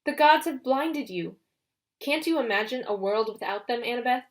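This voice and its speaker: A woman reading an audiobook, voicing a smooth, mocking young male villain who taunts the heroes. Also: a little high, animated, normal speed, lightly acted. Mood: taunting.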